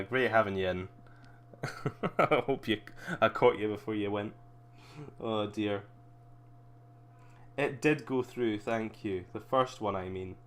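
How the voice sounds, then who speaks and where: A young man streaming live, rambling casually with lots of fillers and frequent laughs. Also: fairly low pitch.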